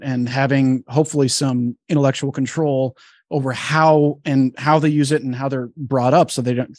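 Man, thirties, podcast guest, measured, dry recording. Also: mid-range voice, a little mellow, no echo. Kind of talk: casual panel chat.

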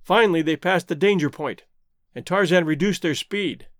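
A man narrating a classic adventure novel as an audiobook, in an expressive, dramatic reading. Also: high voice, normal speed, no echo, studio quality. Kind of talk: storybook narration.

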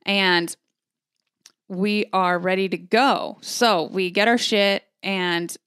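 A young woman co-hosts a casual podcast, telling a story in an animated way, swearing freely and leaning on filler words. Her voice sits at an ordinary middle pitch and sounds close and dry, with no room echo. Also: takes it slowly, clean tone. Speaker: podcast co-host.

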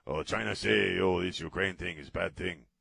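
Guy doing a sneaky mock-polite foreign leader bit, put-on accent, gravelly low voice. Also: moderate pace, heavily acted. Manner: exaggerated put-on accent, clipped phrases. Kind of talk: talk radio comedy bit.

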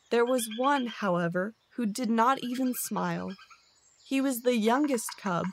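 Calm woman narrator for a sleep story, very unhurried, faint hiss under the voice. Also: medium pitch. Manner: slow, soothing storytelling.

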